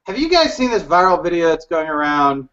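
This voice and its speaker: A man's voice: on the high side, sing-song, fairly quick, fairly bright tone. A man co-hosting a podcast in casual chat, telling a rambling story with a laugh and some swearing. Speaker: podcast co-host. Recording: dull lo-fi podcast audio.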